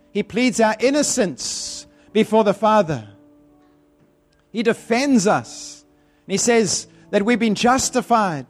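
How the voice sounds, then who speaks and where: A man with a high-pitched voice preaches and prays with fervor, repeating phrases to drive them home. Soft music plays faintly underneath him. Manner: fervent, repeating phrases for emphasis. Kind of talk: sermon with prayer.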